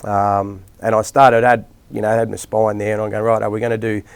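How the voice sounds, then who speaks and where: Gravelly low-voiced Australian coach. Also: male voice, level tone, brisk. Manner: rambling anecdotes with many restarts and fillers. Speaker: rugby league coach, podcast guest. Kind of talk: casual storytelling interview.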